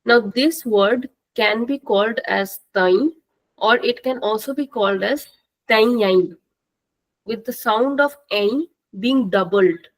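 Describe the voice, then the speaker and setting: A woman teaching a live online language class, slow and patient, repeating words for the students to drill. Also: fairly high pitch, rough recording.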